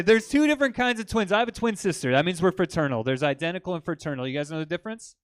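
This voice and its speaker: A man performing stand-up on a comedy club stage, telling crude jokes with a deadpan edge and chatting with the crowd. His voice is smooth and crisp, pitched a little high for a man. The sound is dry and close, with hardly any room echo. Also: quick pace, hardly any pauses.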